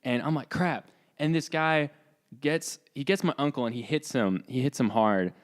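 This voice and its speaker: A young man co-hosting a podcast, telling a story in a loose, animated way with lots of fillers and acted-out lines. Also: medium pitch, moderate pace. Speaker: podcast co-host. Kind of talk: casual storytelling.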